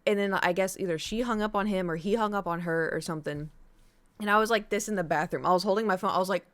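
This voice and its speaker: A woman speaks fast at an ordinary middle pitch, talking to her live stream chat in a casual, animated way. She rambles through a chatty retelling, piling one aside onto the next.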